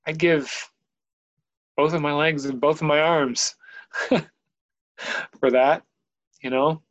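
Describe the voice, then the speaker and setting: A father speaking candidly about his young son in an earnest, halting way, often pausing to find his words. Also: a little high, steady tone, lo-fi sound. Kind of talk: candid personal conversation.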